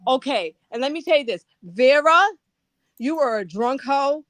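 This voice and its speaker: A woman's voice: high voice, lively intonation, moderate pace, a bit bright, no room sound. An older retired woman, a guest on a livestream, ranting angrily and profanely. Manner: angry, profane, insulting. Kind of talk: heated livestream rant.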